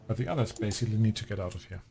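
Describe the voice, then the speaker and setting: A man running a tabletop game as game master, relaxed and rambling with fillers. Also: lowish voice, rapid-fire, gravelly.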